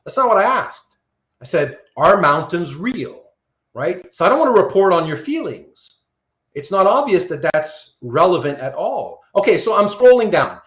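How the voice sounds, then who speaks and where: A man's voice: high voice, big pitch swings, moderate pace, fairly bright tone, roomy sound. A man teaching a philosophy class online, talking casually, reading out student comments and checking in with "right?" after nearly every point. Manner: conversational, asks "right?" often, reads student comments aloud. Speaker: philosophy lecturer. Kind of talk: live online lecture. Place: Surrey, Canada.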